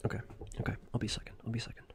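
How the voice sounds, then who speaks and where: A man's voice: rapid-fire, a little mellow, slight background noise. A man streamer in casual livestream chat, rambling loosely with lots of filler words and frequent laughs.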